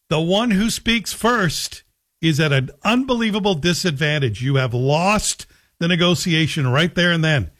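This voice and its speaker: A man's voice: fairly high pitch, animated, normal speed, a bit bright. A man hosting a radio talk show, delivering a sardonic, joking opinion monologue. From Scotland. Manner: sardonic, joking, slips into a Scottish voice for anecdotes.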